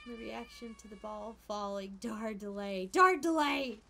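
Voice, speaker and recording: A young woman streamer chatting casually while she plays a game, animated and giggly, squealing at surprises and murmuring quiet asides. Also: medium pitch, moderate pace, slight background noise. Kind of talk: casual gameplay commentary.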